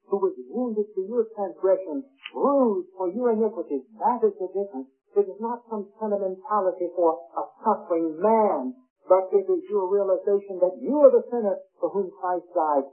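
A man delivers a sermon in a high, husky voice, pressing each point with earnest emphasis. The sound is thin and tinny, like an old radio broadcast, with faint music beneath. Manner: earnest, emphatic, rising on key words. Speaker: preacher.

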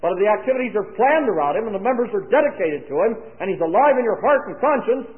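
A man's voice: sits high, lively intonation, fast talker. A man preaching a sermon to young people at a conference, with dry humorous asides. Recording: tinny lo-fi, phone-like sound.

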